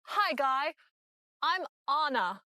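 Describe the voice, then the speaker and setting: An actress playing an excitable young woman who witnessed a robbery, in a scripted scene for English learners, speaking slowly and clearly. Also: sits high, no room sound, clean studio sound, full character voice. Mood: animated. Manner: animated, slow and clear. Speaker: eyewitness in a lesson video.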